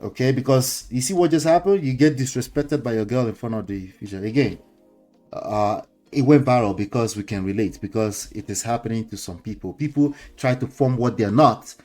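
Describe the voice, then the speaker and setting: Middle-aged Nigerian male host, relaxed preachy commentary with laughs and slang, soft music bed. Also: mid-range voice, moderate pace. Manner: lecturing, chuckling, mixes in pidgin slang. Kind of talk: casual commentary monologue.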